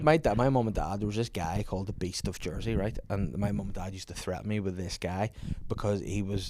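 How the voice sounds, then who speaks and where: A man, hosting a casual podcast and telling animated, sweary stories about his kids with frequent laughter. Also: sits low, a little hiss or hum. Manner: animated storyteller, laughs often, swears freely. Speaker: podcast host. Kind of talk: casual chat.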